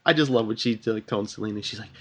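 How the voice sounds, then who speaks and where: Co-hosting a podcast of casual TV review talk, a man muses aloud in rambling sentences that he keeps restarting. His voice is fairly low, a bit bright, and very fast.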